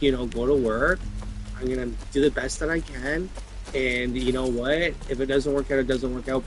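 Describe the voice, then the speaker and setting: A man's voice: medium pitch, rough recording. A man telling personal stories in a long, rambling monologue, full of fillers and swearing. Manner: rambling, filler-heavy, profane. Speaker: vlogger.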